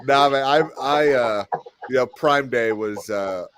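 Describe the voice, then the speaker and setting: A man of ordinary pitch hosts a laid-back online hangout, chatting in a loose, rambling way full of fillers. His voice sits at a middle pitch, and steady noise runs under the recording. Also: measured pace. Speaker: stream host. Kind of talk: casual chat.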